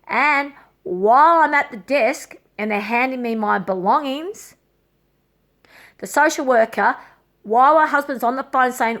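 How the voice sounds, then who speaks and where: Brief: middle-aged woman, slightly high voice, raw and agitated, swearing through a personal story. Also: unhurried, a bit bright. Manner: raw, agitated, swears often, repeats herself. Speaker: vlogger.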